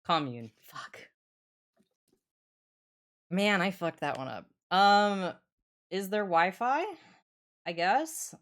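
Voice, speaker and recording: A woman's voice: mid-range voice, animated, drawn-out words, pauses often. A young woman streamer chatting casually with her viewers, joking and swearing. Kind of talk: casual livestream chat.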